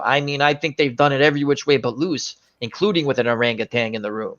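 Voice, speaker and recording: A man hosting a casual chat show, talking about movies with animated retellings. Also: medium pitch, fast, lo-fi sound. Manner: animated, acts out movie scenes in voices. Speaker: show host.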